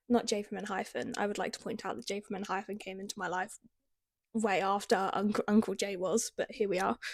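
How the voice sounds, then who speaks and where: A young British woman reads her old teen novel aloud and mocks it in wry asides. Her voice sits at an ordinary middle pitch, and the sound is close and dry, with no room echo. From Britain. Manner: wry, self-mocking, laughing asides. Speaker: author reading her teen writing. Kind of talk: reading aloud with comic commentary.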